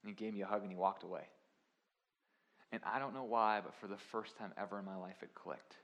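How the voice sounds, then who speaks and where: A young man preaching a sermon, swinging from quiet confessional lines to loud, emphatic preaching. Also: on the low side, fairly even intonation, a little fast. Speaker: pastor.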